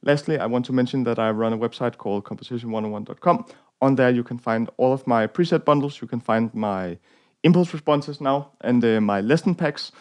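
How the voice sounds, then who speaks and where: A man's voice: mid-range voice, a little mellow. A young Danish man with a Danish accent, hosting a guitar tone tutorial in a casual, rambling way with lots of fillers and self-deprecating jokes. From Denmark. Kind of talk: casual gear walkthrough.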